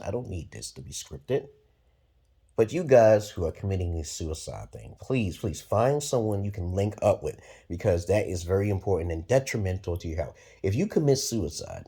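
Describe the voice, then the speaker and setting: A man in his forties from Brooklyn, New York, giving a profane, rambling monologue to camera with sudden loud jumps. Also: on the low side, slightly rough. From Brooklyn, New York, USA. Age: 40s. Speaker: vlogger.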